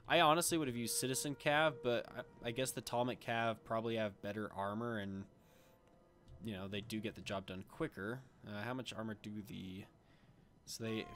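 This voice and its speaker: Man casting a strategy battle, somewhat low voice. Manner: relaxed and rambling, with frequent filler and self-corrections. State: slightly under the weather, occasional coughing. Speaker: game commentator. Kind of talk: casual gameplay commentary.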